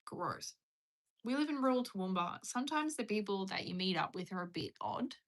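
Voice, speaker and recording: With a mid-range, sing-song voice, a young Australian woman briskly hosts a casual livestream. She rambles, mocks herself and reads viewer comments aloud.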